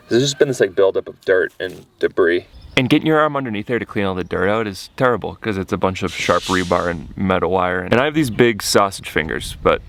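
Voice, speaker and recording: A man's voice: medium pitch, a bit bright. A young man talking casually to his vlog viewers, earnest and reflective, then joking with his wife. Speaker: vlogger building a home.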